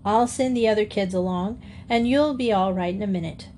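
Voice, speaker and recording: Woman reading as a brisk, kindly rescuer man. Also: medium pitch, dark tone, slight background noise, lightly acted. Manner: blunt, practical, reassuring.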